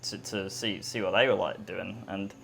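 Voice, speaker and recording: A young man hosting a podcast in casual chat, relaxed, laughing along and reacting briefly. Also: fairly low pitch, moderate pace, gravelly, soft background music. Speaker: podcast host.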